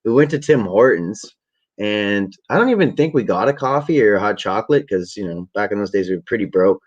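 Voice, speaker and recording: A young man from the Ottawa area telling a long, profane story in a relaxed, rambling way to a camera at home. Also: on the low side, a little fast. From Ottawa area, Canada. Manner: rambling, profane, laid-back. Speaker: vlogger. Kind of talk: casual storytelling. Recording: dull lo-fi webcam audio.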